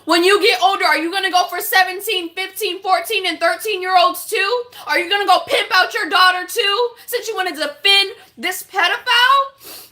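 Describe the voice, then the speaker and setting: A woman with a high voice and a bright, forceful tone delivers a vlog rant to her viewers. She talks bluntly and with passion and swears freely. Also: normal speed. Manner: impassioned, blunt, profane. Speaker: vlogger. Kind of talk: casual vlog rant to camera.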